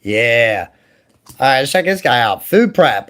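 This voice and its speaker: Rambling, excitable man in his thirties. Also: mid-range voice, normal speed. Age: 30s. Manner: rambling, excitable, lots of fillers and "dude" and "man". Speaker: card-opening video host. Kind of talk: casual chat while opening cards.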